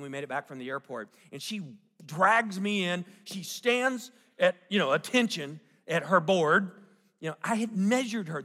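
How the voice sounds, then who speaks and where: Bright-voiced pastor in a big hall. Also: male voice, on the high side. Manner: storytelling with audience questions and jokes. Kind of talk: sermon. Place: church sanctuary. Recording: long hall reverb.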